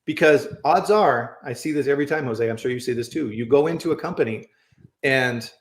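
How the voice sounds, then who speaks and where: A man's voice: medium pitch, a little fast, roomy sound. A man hosting a casual chat, telling stories and often checking in with "right?". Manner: storytelling, says "right?" often. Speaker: host.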